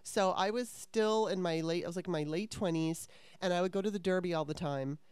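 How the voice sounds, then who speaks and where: A woman's voice: lowish voice, brisk, darkish tone, clear, resonant tone, dry recording. Candid, profane woman telling a story. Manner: candid, profane, rambling with restarts. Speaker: podcast host. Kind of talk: casual storytelling chat.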